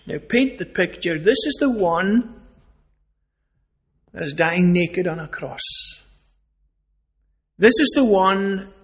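A man preaching a sermon, earnest and emphatic, asking rhetorical questions. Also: a little high.

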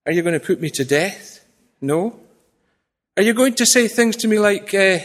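A man preaching a sermon to his congregation. He swings from raised, declaiming passages to quiet, confiding asides, with self-deprecating humour. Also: high-pitched, lively intonation, normal speed. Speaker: pastor.

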